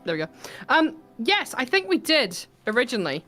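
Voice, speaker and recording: A woman's voice: a little high, big pitch swings, brisk, a bit bright, faint music behind. A woman hosting a casual live stream from home, chatty and laughing, reading out viewer messages. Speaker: livestream host.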